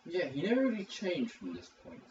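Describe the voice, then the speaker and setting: A man's voice: on the high side, huge pitch swings, fairly quick, darkish tone. A man co-hosting a casual podcast chat, rambling and joking as he talks. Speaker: podcast co-host. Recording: distant mic, dull sound, faint hiss.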